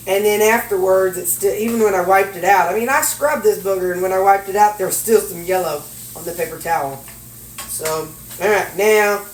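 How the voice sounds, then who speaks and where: Casual cooking talk comes from a middle-aged Missouri vlogger whose mid-range voice carries a folksy warmth as she measures, cooks, and chats to herself and viewers at home. The mic is set back in a roomy kitchen, with slight background noise and dishes and cutlery clinking.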